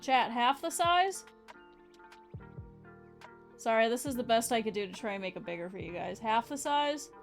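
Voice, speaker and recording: Young woman, streamer, casual chat to viewers, thinking aloud, high voice, faint music. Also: lively intonation, moderate pace, pauses often. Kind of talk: casual live-stream chat while crafting.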